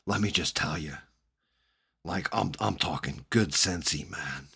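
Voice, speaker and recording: A man imitating a lazy stoner bro faking hippie cool, with a slow drawling New Jersey accent. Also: deep voice, vocal fry, bright, forceful tone, husky, voice pushed down, full character voice. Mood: mocking drawl.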